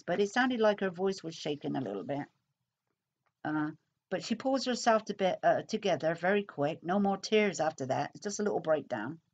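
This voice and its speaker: A woman's voice: fairly low pitch, darkish tone. A woman giving casual recorded commentary on a true crime case, chatty and repetitive, speculating aloud with asides.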